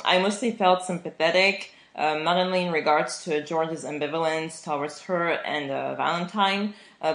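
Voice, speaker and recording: A woman co-hosting a podcast, talking casually about a TV drama with many fillers and pauses. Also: sits low, reverberant. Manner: many filler words, halting. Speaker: podcast co-host.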